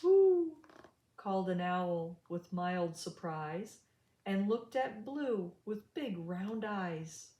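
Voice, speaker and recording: A woman reading a children's picture book aloud, slowly, with a sing-song storytelling manner. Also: fairly low pitch. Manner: slow, lively storytelling with sing-song voices for animals. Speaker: storybook reader. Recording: roomy echo.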